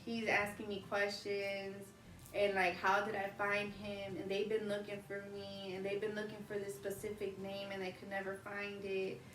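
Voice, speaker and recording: Animated woman telling a story, roomy. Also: medium pitch, normal speed. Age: 30s. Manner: animated, laughing as she retells the story. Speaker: vlog host. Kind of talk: casual storytelling. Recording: roomy, distant mic, faint ambience.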